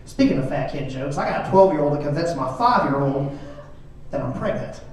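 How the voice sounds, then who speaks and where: A man's voice: a little high, expressive, brisk, very noisy. Middle-aged guy doing dry self-deprecating standup, far from the mic, super echoey club. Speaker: stand-up comedian. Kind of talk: stand-up comedy routine. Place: comedy club stage.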